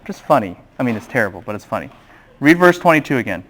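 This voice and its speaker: A man giving a classroom Bible lecture, animated and quizzing the students with questions. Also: mid-range voice, fast.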